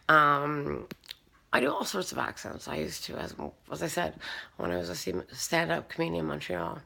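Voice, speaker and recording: A woman who was once a stand-up comedian, speaking in a casual, rambling, soft-spoken, self-deprecating monologue. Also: deep voice, big pitch swings, moderate pace, gravelly.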